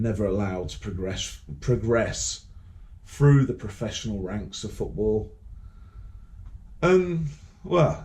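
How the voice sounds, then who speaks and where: A man's voice: fairly low pitch, a little mellow. A man from Birmingham with a Birmingham accent, talking in a rambling, profane and combative monologue that repeats words and restarts often. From Birmingham, England. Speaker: vlogger. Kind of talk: casual to-camera monologue.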